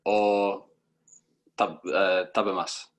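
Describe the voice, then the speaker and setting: A man taking part as a beginner student in an online language lesson, making halting, hesitant attempts at new phrases over a video call. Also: sits low, little pitch movement.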